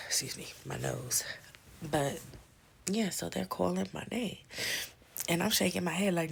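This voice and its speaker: A woman casually telling a personal story, animated and slangy, often dropping into breathy whispers. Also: on the low side, unhurried, long pauses.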